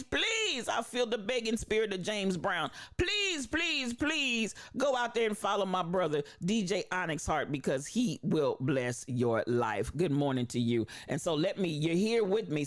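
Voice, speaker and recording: A medium-pitched live streamer talks exuberantly with a preacher's cadence, repeating phrases and shouting out viewers by name.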